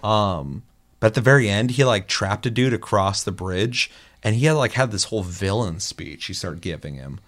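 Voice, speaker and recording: A young man hosts a casual chat with a slightly low voice. He tells animated gaming stories, swears freely and acts out the quotes. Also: moderate pace. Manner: animated storytelling, acting out quotes, swears often. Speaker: podcast host.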